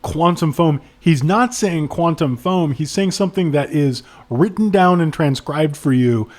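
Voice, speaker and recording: A man's voice: on the high side, a little slow. A man co-hosting a casual book-review podcast, sarcastic and given to mocking the text. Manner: sarcastic, animated, reads passages aloud mockingly. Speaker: podcast co-host.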